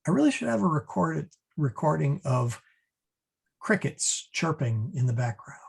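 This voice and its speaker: A man teaching a Latin lesson at an unhurried, deliberate pace. His voice is slightly husky, and he stumbles through fillers and restarts. He chuckles now and then at his own asides. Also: a little high, sing-song. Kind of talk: online class lecture.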